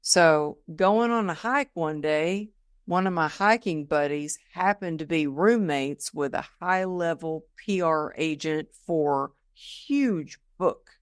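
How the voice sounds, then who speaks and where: A woman guest on a podcast, telling her story in a casual, lively way and acting out the people she quotes. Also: low voice, slow pace, clean tone, dry recording, clean studio sound. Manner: lively storyteller who acts out quoted dialogue. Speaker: podcast guest, motivational speaker.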